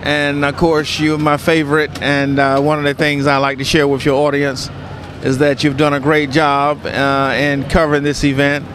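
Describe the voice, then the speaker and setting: A man from Eastern North Carolina, a pitmaster speaking in a courtly, flattering way outdoors at a food festival. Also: on the high side, normal speed. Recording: noisy outdoor festival sound.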